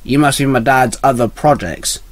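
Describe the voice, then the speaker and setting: A man's voice: medium pitch, normal speed, no room sound, close to an everyday voice. A man voicing a snarky teenage male mutant who talks in a sarcastic, casual way.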